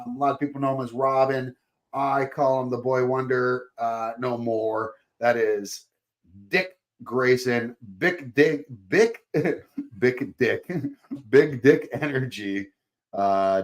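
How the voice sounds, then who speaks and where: A man's voice: medium pitch, fairly even intonation, slow pace. A man hosting a podcast in casual chat, joking, rambling and laughing often. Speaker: podcast host.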